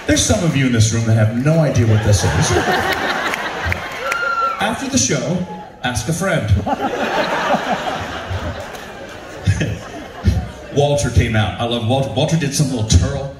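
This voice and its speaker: Speaking slowly with long pauses over a noisy crowd, a medium-pitched man presents his own comic storytelling show at a ship's venue, animated, laughing often, and acting out quotes for the live audience. Heavy background noise is noted alongside a roomy hall, distant mic, and faint ambience.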